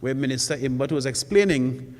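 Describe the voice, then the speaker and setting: An emphatic man addresses a forum audience as a panelist, pressing his points with rhetorical questions and repetition. His mid-pitched voice carries a long reverb from the hall. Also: brisk. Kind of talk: public forum speech.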